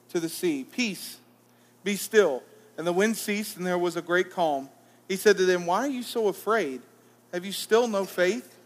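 A man preaching to a congregation, reading scripture aloud and then talking it through in a relaxed, conversational way. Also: high-pitched. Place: church hall. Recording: reverberant church hall.

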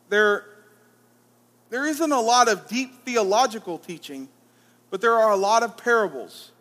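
A man preaching to a congregation, reading scripture aloud and then talking it through in a relaxed, conversational way. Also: high-pitched. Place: church hall. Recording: reverberant church hall.

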